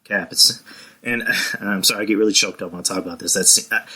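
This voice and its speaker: A man's voice: lowish voice, fairly even intonation, very fast, pushed and bright, breathy edge. A man chatting casually on a podcast, rambling with frequent restarts and casual swearing. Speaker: podcast co-host.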